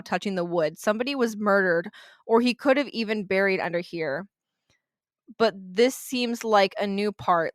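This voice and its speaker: A woman's voice: medium pitch, no room sound, studio quality. A woman co-hosting a podcast, retelling a haunting in a blunt, sarcastic way, swearing and laughing as she goes. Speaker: podcast co-host. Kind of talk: casual storytelling chat.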